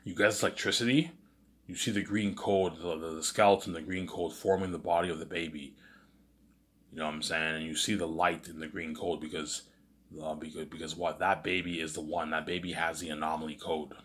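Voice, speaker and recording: Low male voice, casual rambling monologue, frequent restarts, loose and unscripted. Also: fairly even intonation, fairly quick, fairly bright tone. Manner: rambling, with many restarts and "you know what I'm saying"; casual, with swearing. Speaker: host.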